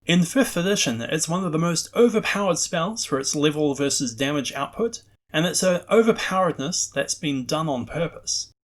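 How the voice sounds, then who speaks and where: A man's voice: on the high side, animated, moderate pace. Wry male host narrating game lore. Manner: wry, self-deprecating asides. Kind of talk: scripted narration about tabletop game history.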